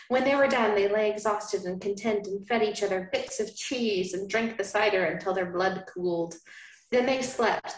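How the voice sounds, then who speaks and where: A woman hosting a podcast, reading a romance novel aloud in a hushed, dramatic cadence. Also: mid-range voice. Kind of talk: dramatic reading with joking asides. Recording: roomy, echoey room.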